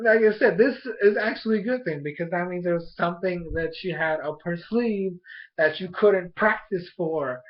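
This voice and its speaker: A young man casually recapping and reviewing an anime episode, rambling excitedly with lots of fillers and restarts. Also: on the high side. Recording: dull lo-fi home recording.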